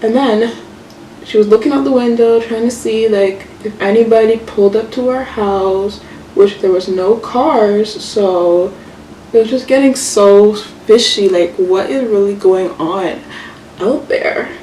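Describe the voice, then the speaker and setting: A young woman vlogger telling a story casually while doing her makeup, chatty and animated, full of fillers and swearing. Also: mid-range voice, unhurried. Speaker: beauty vlogger. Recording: echoey room, mic far off, faint hiss.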